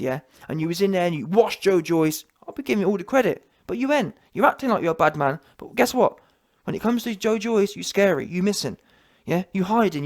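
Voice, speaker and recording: Heated man ranting on boxing. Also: high-pitched. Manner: heated, mocking, slangy, full of restarts and "yeah" tags. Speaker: boxing commentator. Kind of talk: ranting opinion vlog.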